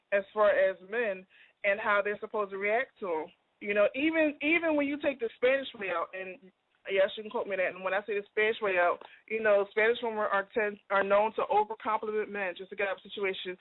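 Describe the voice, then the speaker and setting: A woman co-hosting a casual chat show, talking fast and emphatically and acting out quoted voices. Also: mid-range voice, no echo. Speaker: co-host. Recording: tinny phone-like line, dry.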